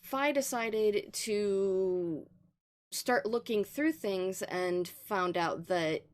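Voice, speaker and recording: A woman's voice: medium pitch, extremely slow. A woman hosting a livestream, casually recapping the story so far with lots of ums and laughs. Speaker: stream host recapping a game. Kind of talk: casual let's play chat.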